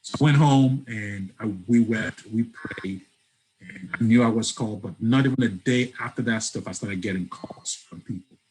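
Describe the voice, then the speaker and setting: Guy guest telling a big personal story, does all the voices, lively. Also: fairly low pitch, moderate pace, slight background noise, low-quality recording. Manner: animated storyteller, acts out dialogue. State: breaks up at times on the line. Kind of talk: storytelling interview.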